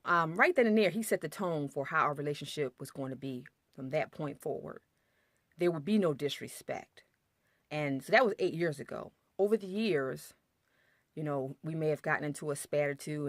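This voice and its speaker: A woman talks straight to her viewers about relationships, blunt and sassy with plenty of slang. Her voice sits fairly low and sounds dry and close, with no room echo. She keeps the delivery emphatic and conversational throughout. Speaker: vlogger giving relationship advice. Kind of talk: casual advice monologue.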